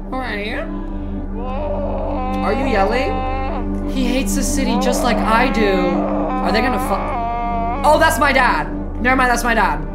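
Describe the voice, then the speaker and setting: A woman streamer commenting on gameplay live, reacting to chat with slang and swearing. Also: a little high.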